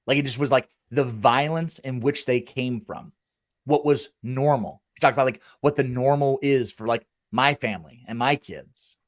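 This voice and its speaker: A man's voice: mid-range voice, normal speed. A man in his thirties hosting a casual podcast, talking bluntly with lots of swearing and acting out voices from his past. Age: 30s. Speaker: podcast host and former college football walk-on.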